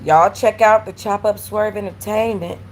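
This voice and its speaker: A woman hosting a live stream from her apartment, telling animated, slangy stories with blunt cursing. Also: medium pitch, normal speed, noisy background. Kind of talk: casual live-stream chat. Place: at home in an apartment.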